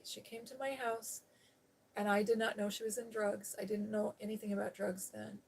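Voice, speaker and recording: A woman's voice: medium pitch, a little mellow, breathy edge. A woman hosting a live stream, telling a personal story in a frank, rambling casual chat full of "you know" and the odd laugh. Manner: laughs while talking.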